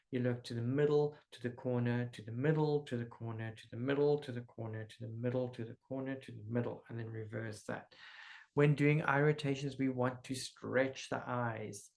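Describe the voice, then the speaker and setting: A man with a mid-range, gravelly voice leads a guided group healing session. He talks in a calm, slow, instructive way. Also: medium pitch. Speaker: energy healer leading a group session.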